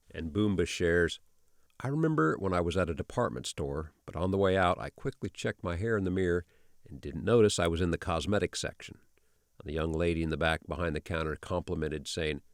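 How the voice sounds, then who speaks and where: Deep gravelly male story narrator. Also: no echo, clean studio sound. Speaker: channel narrator. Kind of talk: scripted narration of online stories.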